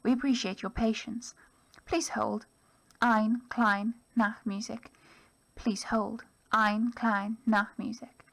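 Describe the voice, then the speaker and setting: A woman reading as a gravelly polite phone robot. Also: fairly high pitch, slow, heavily acted. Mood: politely scripted. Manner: flat, repetitive recorded-menu phrasing.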